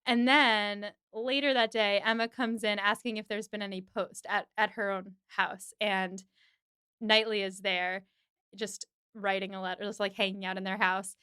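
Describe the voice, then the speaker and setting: A woman hosting a podcast, recapping an episode in a casual, animated way with quick voiced asides. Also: medium pitch, clean tone, no echo, clean studio sound. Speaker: podcast host.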